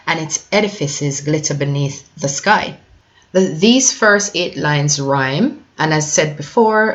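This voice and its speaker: Measured woman teaching a poetry lesson. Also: fairly low pitch. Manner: measured explanatory delivery with occasional hesitations.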